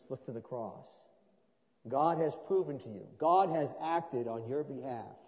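Male pastor, mid-pitched and mellow, moving from quiet intimacy to loud drawn-out emphasis; church-hall reverb. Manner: swings from soft and low to loud, drawn-out emphasis. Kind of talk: sermon. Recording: long reverb of a large hall.

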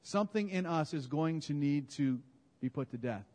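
Animated preacher in a reverberant church. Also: male voice, a little high, normal speed. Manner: animated, conversational preaching with self-corrections. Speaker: pastor. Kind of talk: sermon. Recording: long hall reverb.

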